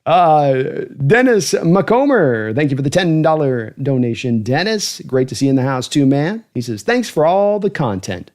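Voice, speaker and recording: A man hosts a football livestream in a loose, chatty way, rambling through his thoughts and thanking viewers as he goes. His voice sits at an ordinary middle pitch, relaxed and conversational. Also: moderate pace, few pauses. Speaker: host of a football fan channel livestream. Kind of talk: casual livestream commentary.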